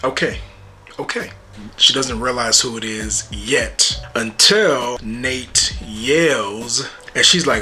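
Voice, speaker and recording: A man giving a casual, joking recap and reaction to a TV episode, animated and full of slang. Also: mid-range voice, slow, slight background noise. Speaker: YouTube TV reviewer.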